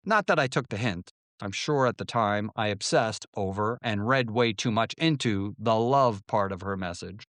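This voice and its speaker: A man's voice: fairly low pitch, moderate pace, fairly bright tone, dry recording, clean studio sound. A man narrating his own memoir in a wry storytelling manner, now and then voicing quoted lines. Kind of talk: audiobook memoir reading.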